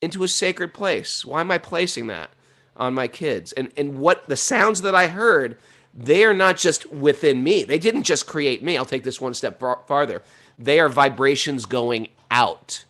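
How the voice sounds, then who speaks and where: A middle-aged man talking in a casual, animated way about spiritual life, laughing often as he tells stories. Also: on the high side, measured pace. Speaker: podcast host.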